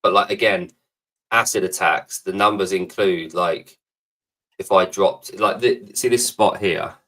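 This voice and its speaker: A man's voice: sits low, measured pace, sharp tone. A man co-hosting a live podcast, rambling, jokey and swearing freely in casual chat. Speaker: podcast co-host.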